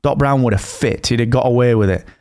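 A man in easy podcast conversation, taking his time and circling back to his points. His speech is loose and full of blunt slang. His voice sits in an ordinary middle pitch. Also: quick pace. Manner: relaxed and rambling, with blunt slang. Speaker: podcast co-host. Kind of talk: casual chat.

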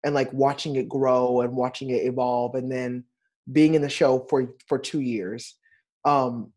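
Animated male Broadway performer. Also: medium pitch, a little slow. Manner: animated, expressive storyteller. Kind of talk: casual interview talk.

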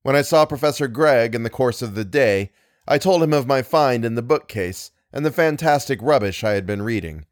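A man reading a literary tale aloud in a measured, expressive storytelling manner. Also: medium pitch, no echo, studio quality. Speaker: audiobook reader. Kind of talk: scripted literary narration.

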